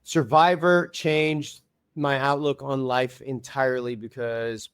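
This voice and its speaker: A man's voice: mid-range voice, level tone, takes it slowly, a bit bright, clear, resonant tone, no room sound. Earnest rambling man, dry sound. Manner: earnest, rambling storytelling with many fillers. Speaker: reality show contestant and podcast guest. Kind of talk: casual chat.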